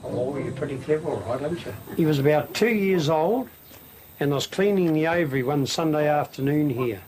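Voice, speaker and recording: A man, a bird rescue centre founder, chatting casually in a slow and lively way. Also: on the high side. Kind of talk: casual interview recounting. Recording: noisy archive clip with bird calls.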